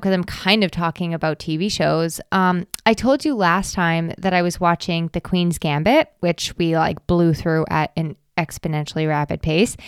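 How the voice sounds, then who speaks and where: A chatty woman in her thirties hosts her own podcast, talking in a playful, self-deprecating way. Her voice sits low and smooth, and the recording is dry and close with no room sound. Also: dry recording. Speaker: podcast host. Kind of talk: casual podcast monologue.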